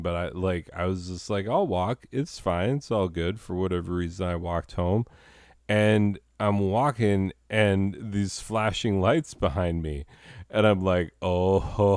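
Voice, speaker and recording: A man's voice: low-pitched, a little mellow, clear, resonant tone, no echo, clean studio sound. A man hosting a comedy show, telling a rambling self-deprecating story with chuckling asides and digressions. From Arizona.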